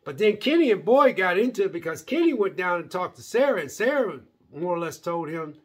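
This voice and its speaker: A man's voice: high voice, sing-song, brisk. A man recapping a TV episode in a loose, rambling way, with many restarts and fillers. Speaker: TV episode reviewer. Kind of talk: casual recap vlog.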